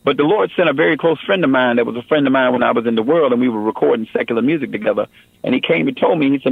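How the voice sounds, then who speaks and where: Raspy man on a phone line. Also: mid-range voice, racing, no room sound. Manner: earnest, repeats "man" and "you know". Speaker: interview guest giving testimony. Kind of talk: personal testimony in a radio interview.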